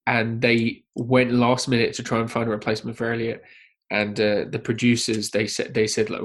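A man chatting casually on a film discussion podcast, telling a story with lots of energy. He leans into the tale and jumps his voice up high whenever he quotes someone. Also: completely flat delivery, normal speed. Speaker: podcast panelist.

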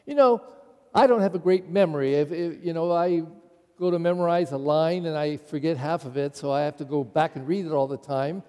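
An older male pastor delivers a homily in an easy, conversational way, dropping in wry asides. His voice sits high and mellow. Long church reverb trails every phrase. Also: fairly quick. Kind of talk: sermon.

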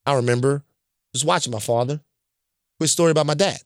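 A man's voice: fairly high pitch, fast, no room sound, clean studio sound. A man from Louisiana telling stories in a casual chat, blunt and emphatic, often checking in with "right?". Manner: profane and blunt.

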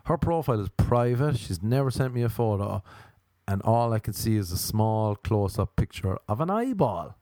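A man telling crude, deadpan stand-up stories, acting out the quoted lines. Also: lowish voice, moderate pace, no room sound, clean studio sound. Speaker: comedian. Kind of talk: stand-up storytelling.

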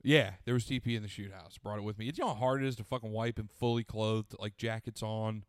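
A man's voice: fairly low pitch, fairly even intonation, fast talker, clear, resonant tone, no echo, clean studio sound. A young man telling a long story in casual podcast chat, rambling and profane, often laughing and acting out voices. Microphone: studio podcast mic.

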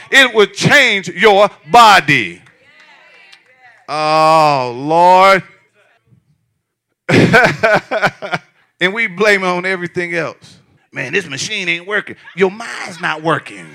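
Man, pastor, lively sermon, high voice, repeats lines, shouts for emphasis. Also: vocal fry.

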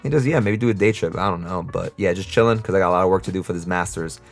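A young man with a New York accent talks off the cuff on his solo podcast, rambling and laughing easily. His voice sits fairly low. Faint music plays behind him. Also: very fast, vocal fry. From United States, New York. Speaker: podcast host. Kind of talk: casual solo podcast monologue.

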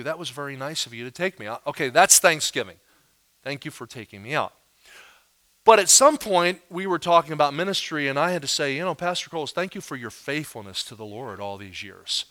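Bright-voiced preacher man. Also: fairly high pitch. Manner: animated storytelling, acting out quotes in different voices. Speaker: pastor. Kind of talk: sermon.

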